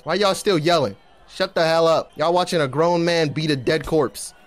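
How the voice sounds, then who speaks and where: A young man giving excitable, trash-talking commentary while playing a video game. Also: on the high side, moderate pace. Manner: excitable, trash-talking, swings from mumbling to shouting. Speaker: gaming YouTuber. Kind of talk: gameplay commentary.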